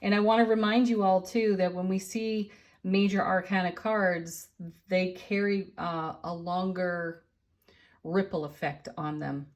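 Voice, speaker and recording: Slow, low-voiced woman reading tarot. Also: steady tone. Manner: unhurried, gentle, often laughing softly. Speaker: tarot reader and channel host. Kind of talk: daily tarot card reading.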